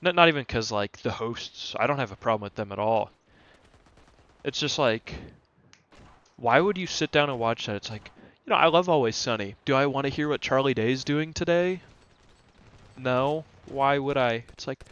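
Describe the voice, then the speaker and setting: A man's voice: mid-range voice, expressive, moderate pace, a bit bright, clear, resonant tone. A young man hosting a casual monologue podcast, ranting in an exasperated, rambling way with many fillers and restarts. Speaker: podcast host.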